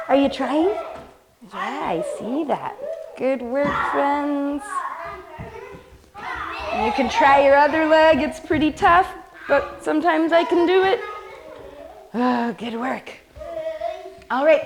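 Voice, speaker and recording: A woman leading a children's yoga class in a studio, gentle and encouraging. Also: high-pitched, noisy background. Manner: gentle, encouraging, playful with animal sounds.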